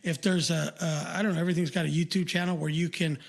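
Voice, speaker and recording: A man's voice: a little high, little pitch movement, quick pace, creaky. An older man co-hosting a podcast, chatting casually and rambling with lots of fillers and restarts. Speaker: podcast co-host.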